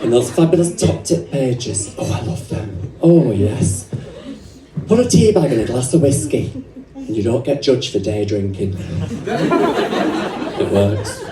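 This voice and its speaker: A woman's voice: a bass voice, wildly swooping pitch, slow pace, pauses often, heavily acted. A woman with an English accent performing live stand-up as a brassy, cheeky female nurse character, teasing the audience with bawdy jokes. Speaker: stand-up comedian. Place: comedy club stage. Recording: roomy live venue from far off, crowd laughter.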